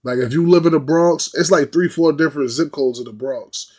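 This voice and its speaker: A New York man with a slightly high voice talks a little fast while hosting a reaction video. His casual, rambling chat is slangy and repetitive, getting animated when he imitates others.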